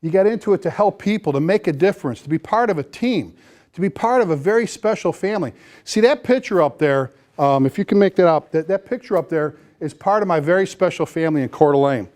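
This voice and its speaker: A man speaking as a fire chief at a seminar, energetic and folksy, repeating phrases for emphasis. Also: high voice, fast talker. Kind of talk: motivational seminar talk to firefighters. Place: seminar room before a live audience.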